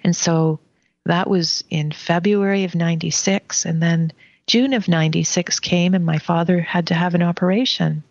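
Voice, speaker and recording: A woman telling a personal spiritual story in a soft, unhurried way during a conversation. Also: lowish voice, vocal fry, no room sound, lo-fi sound.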